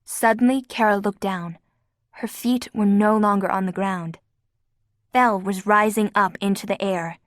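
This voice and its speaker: A woman's voice: mid-range voice, steady tone, a little slow, no echo, studio quality. A woman narrating an audiobook with a vivid, dramatic reading. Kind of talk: scripted narration.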